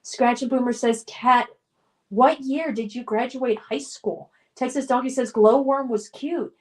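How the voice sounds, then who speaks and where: A woman's voice: a little high, a little slow, a little mellow. A middle-aged woman hosting a live stream. She reads viewer comments aloud and chats back in a nostalgic, upbeat way, with frequent fillers. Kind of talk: casual live-stream chat.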